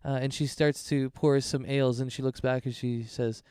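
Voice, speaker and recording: A man's voice: mid-range voice, steady tone, normal speed, few pauses, dark tone, clear, resonant tone, no room sound, clean studio sound. A man running a tabletop game as game master, explaining rules and narrating in an easygoing way.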